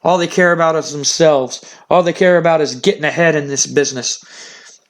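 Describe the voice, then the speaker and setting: A man's voice: fairly high pitch, moderate pace, close to an everyday voice. A man voicing a domineering, stubborn wrestling boss scolding his daughter in a stern tone.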